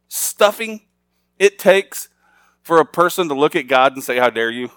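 A middle-aged man preaching a sermon. His voice sits a little high, and he moves from easy, chatty asides to emphatic, raised points. The sound is close and dry, with no room echo. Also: expressive, normal speed, fairly bright tone. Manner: conversational preaching that swells to emphatic, raised passages. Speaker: pastor.

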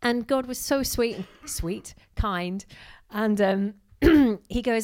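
A woman's voice: a little high, slow, a little mellow. A woman giving a casual, chatty sermon, acting out quotes and dropping in asides. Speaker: preacher.

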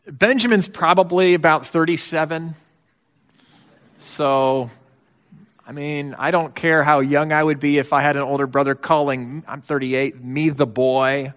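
A middle-aged man delivers a sermon to his congregation. He speaks conversationally and mixes in wry, offhand asides, in a voice that sits a little high for a man. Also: unhurried, pauses often, fairly bright tone, in a large hall. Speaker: pastor.

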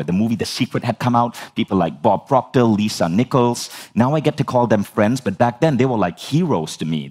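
Guy in his 40s telling a story, lively and jokey, kinda low voice, swears a bit. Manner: animated, humorous, swears casually. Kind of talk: storytelling talk.

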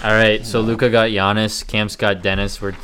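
A man's voice: on the low side, level tone, normal speed, a crowd in the background. A young man hosting a casual podcast and judging a name-pronouncing game, teasing the players as he runs it. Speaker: podcast host and quiz judge.

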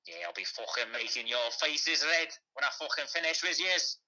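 A man's voice: fairly high pitch, moderate pace, bright, forceful tone, poor audio. A man voicing a brash, swaggering teenage Liverpool lad with a Scouse accent who swears constantly. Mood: aggressive. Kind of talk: comedy phone-in sketch.

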